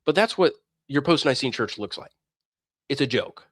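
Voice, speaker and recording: A man's voice: mid-range voice, expressive, moderate pace, no echo. Scornful man ranting, dry close sound. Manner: heated, scornful and preachy, mocking opponents. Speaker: host of a religious debate stream. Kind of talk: ranting monologue.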